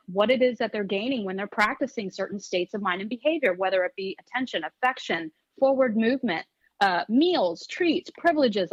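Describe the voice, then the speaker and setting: A woman guest who trains dogs, talking in an interview in a lively, emphatic way and often restarting phrases. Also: on the high side, no room sound. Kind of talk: conversational interview. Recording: dull lo-fi audio.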